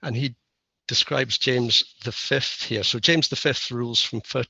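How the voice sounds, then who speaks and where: Gravelly guy with a sharp bright voice, wry self-deprecating keynote talk, dull muffled dry sound. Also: mid-range voice, fairly even intonation, unhurried, no echo. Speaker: keynote speaker. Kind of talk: conference lecture.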